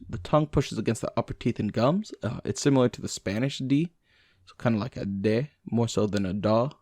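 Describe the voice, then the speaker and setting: A man reads language lesson notes aloud at a medium pitch, with uh's and small restarts, slowing over each example. The sound is close and dry. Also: gravelly, a little mellow, dry recording. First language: English. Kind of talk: reading study notes aloud.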